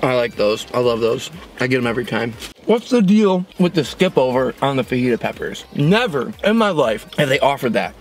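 A young man co-hosting an eating show, chatting casually between bites, joking and quick to complain. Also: mid-range voice, sing-song. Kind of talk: casual chat while eating.

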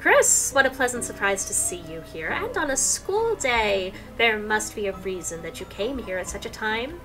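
A gentle male pastor earnestly implores in formal, polite phrases, as a woman puts him on. The voice stays bright, with a lively pitch. He sounds like a kindly priest in a video game. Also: moderate pace, soft background music, rough recording.

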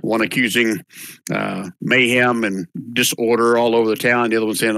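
A man narrating as game master in a tabletop game, casual and halting. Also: medium pitch, flat delivery, creaky, bright, forceful tone, no room sound. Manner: halting, casual, many restarts.

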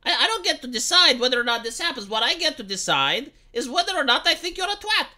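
A young Romanian woman talks in her second language with a Romanian accent. Her voice is bright and swoops widely, and her casual commentary is blunt, sweary and ranting. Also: high voice, big pitch swings, fast talker. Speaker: live-streamer.

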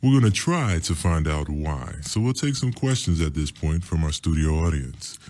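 An actor playing a male television talk show host in a comedy skit, speaking in a measured, formal way as he opens the floor to questions. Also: extremely low pitch, very animated, darkish tone, heavily acted. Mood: composed. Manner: measured, formal announcer delivery.

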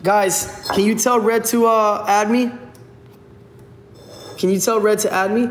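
A man's voice: high voice, fairly even intonation, unhurried, pauses often, reverberant, a little hiss or hum. A man livestreaming from home, pleading with viewers over and over and thanking them by name. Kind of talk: casual livestream chat. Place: home room.

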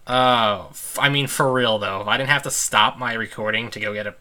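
Man, gameplay commentary, bright forceful tone, irritated rant, chuckles, recorded at home. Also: medium pitch, a little fast, hardly any pauses. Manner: irritated, ranting with laughs. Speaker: let's play host. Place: room at home.

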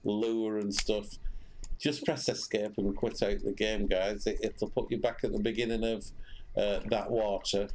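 Slow, low-voiced man streaming a game. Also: little pitch movement, darkish tone. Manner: rambling, many fillers and restarts. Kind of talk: casual gameplay commentary.

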